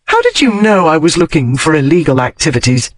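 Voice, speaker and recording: A man narrating an audiobook, voicing a sharp-tongued young Regency woman journalist with crisp, defiant retorts. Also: a little high, sing-song, a little fast, no echo. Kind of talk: audiobook character voice.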